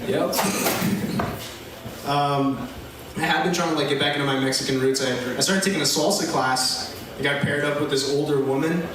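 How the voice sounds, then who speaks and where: A man's voice: a little high, steady tone, normal speed, background noise. A young man doing a stand-up set, self-deprecating and stammering as he goes. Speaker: stand-up comedian. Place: comedy club. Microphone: phone filming from the audience. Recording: echoey club from far off with crowd. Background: crowd laughter.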